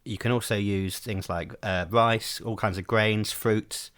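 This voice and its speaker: Male podcast co-host, low, dry close mic, hesitant ramble. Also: steady tone, measured pace, fairly bright tone, clear, resonant tone, dry recording. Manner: rambling, hesitant, many ums. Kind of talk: casual chat.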